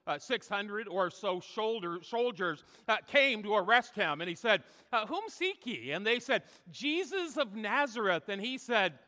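A man's voice: sits high, big pitch swings, unhurried, hardly any pauses, bright, forceful tone, big-room sound. A male pastor preaching a sermon in church, emphatic and full of "uh" fillers. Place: church sanctuary.

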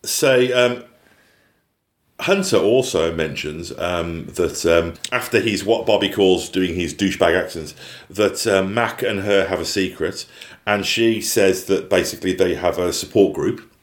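A man's voice: low voice, unhurried. A man co-hosting a podcast, chatting casually about a TV episode, rambling with lots of fillers and laughing often. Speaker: podcast co-host.

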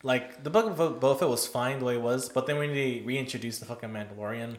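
A man co-hosting a casual podcast, bantering quickly with laughter and swearing. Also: medium pitch. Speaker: podcast co-host. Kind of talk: casual chat.

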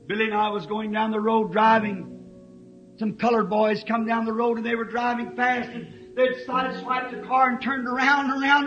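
A man preaching a fervent storytelling sermon, impassioned and rising toward shouts. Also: very high voice. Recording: lo-fi 1950s sermon tape.

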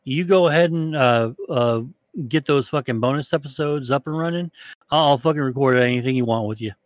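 A man's voice: medium pitch, a little fast, no echo. A man co-hosting a podcast in casual chat, rambling and swearing with many fillers and restarts. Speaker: podcast co-host.

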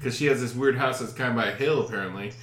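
A man, co-hosting a podcast and telling a story with lively, profane, shouted reenactments. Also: mid-range voice, racing, echoey room. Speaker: podcast co-host. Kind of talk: casual chat.

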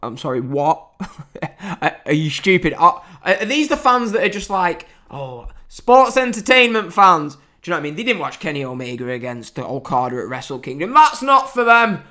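A man in his late twenties rants casually as a podcast host. His pitch swings widely as he goes from loud, sweary outbursts to low, grumbling mutters. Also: sing-song, fairly quick. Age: 20s. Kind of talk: casual ranting commentary.

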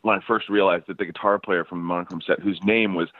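A man with a very low voice tells loose, laughing stories as the guest musician, circling back and restarting his sentences. He comes through a dry, narrow, phone-like line. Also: steady tone, fast talker, no room sound. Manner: rambling, laughing storyteller with many restarts. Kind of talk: casual interview chat.

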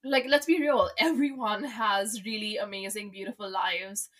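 A young woman co-hosting a casual chat, talking fast with lots of "like" and frequent laughs. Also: mid-range voice, fairly bright tone. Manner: chatty, laughs often, many likes and fillers. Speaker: podcast co-host.

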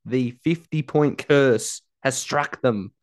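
A man with a mid-range voice speaks slowly as co-host of a casual rugby league podcast. He reads out results playfully, arguing and frequently breaking into laughter.

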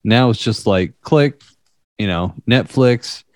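A man's voice: on the low side, expressive, slow, dry recording, clean studio sound. A young man in casual podcast chat, rambling with lots of fillers.

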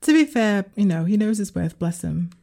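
A woman's voice: medium pitch, expressive, normal speed, vocal fry, dark tone. A young woman co-hosting a podcast, chatting casually with a laid-back, joking manner. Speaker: podcast co-host. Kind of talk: casual chat.

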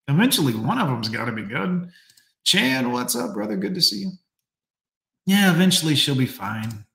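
A man's voice: mid-range voice, creaky, a bit bright. Sarcastic man with a roomy echo. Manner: sarcastic, mocking, talks to chat. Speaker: streamer reacting to clips. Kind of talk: casual live-stream commentary.

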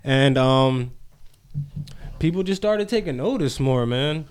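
A man's voice: mid-range voice, lively intonation, takes it slowly, clean tone. A man co-hosting a podcast, talking loosely and with plenty of swearing in a casual chat. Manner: loose and profane, breaks into loud laughter. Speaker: podcast co-host.

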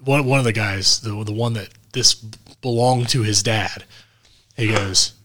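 Unhurried and with a rather low voice, a podcast co-host spins a funny story in casual, swear-filled conversation. He's animated and impersonates the people he quotes.

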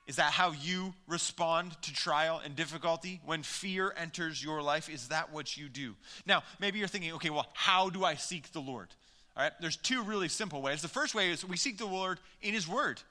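A man's voice: sits high, sharp tone. A man preaching a sermon as pastor, talking conversationally and putting questions to the congregation. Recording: long hall reverb.

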